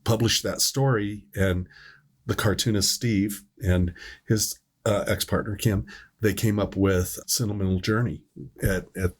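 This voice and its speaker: Husky-voiced man telling a rambling story. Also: lowish voice, steady tone, measured pace. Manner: rambling, self-correcting storyteller. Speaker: podcast host, EMS worker. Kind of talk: casual storytelling chat.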